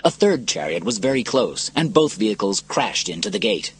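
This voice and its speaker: A man reads an adventure story aloud with a husky, low voice. He swings his pitch widely to dramatize the action. Faint music plays underneath. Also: normal speed. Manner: dramatic, lively reading. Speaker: narrator. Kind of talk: scripted storybook narration.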